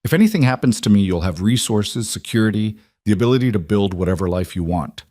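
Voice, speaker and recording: A man doing a paralyzed mafia boss, cold and deadly quiet, low voice, dry booth sound. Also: expressive, fast talker, no room sound. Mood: tender. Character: cold, controlled male mafia boss in wheelchair.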